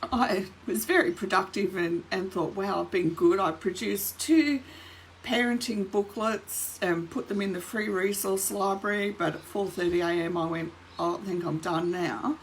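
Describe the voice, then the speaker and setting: A woman's voice: medium pitch, normal speed, slight background noise, low-quality recording. Middle-aged woman telling her own story. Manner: candid storytelling, acting out her own inner voice; frequent light laughter. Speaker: trauma recovery educator. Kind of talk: personal talk to camera.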